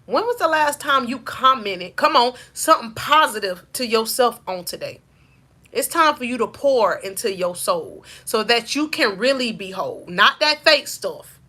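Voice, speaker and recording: Bright high-voiced Southern woman preaching. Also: animated, normal speed. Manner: rhythmic repetition with call-outs to listeners. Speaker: faith-based life coach. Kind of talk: preaching-style motivational talk.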